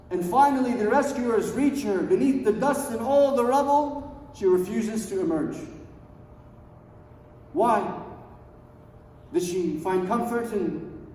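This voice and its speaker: High-voiced preacher in an echoing hall. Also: male voice, a little hiss or hum. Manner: swings from hushed low lines to loud high emphatic ones; recites Arabic verses quickly in a chanting tone. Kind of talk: sermon. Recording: echoey hall, voice far from mic.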